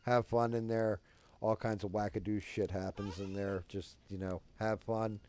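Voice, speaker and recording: Male stream host, lowish voice, loose and foul-mouthed. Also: little pitch movement, normal speed, darkish tone. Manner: loose, profane, rambling. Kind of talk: casual stream chat.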